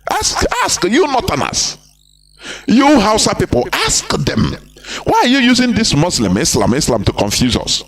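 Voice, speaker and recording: A man's voice: sits high, huge pitch swings, moderate pace, faint music behind. A man giving an impassioned live broadcast, emphatic and repetitive, firing rhetorical questions at his listeners.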